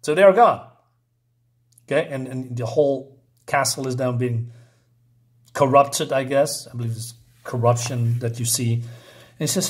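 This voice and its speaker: A man's voice: mid-range voice, normal speed. A man hosting a channel, reading a comic aloud and reacting in a hesitant, filler-heavy, incredulous way. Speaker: channel host. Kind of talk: casual reading and reaction commentary.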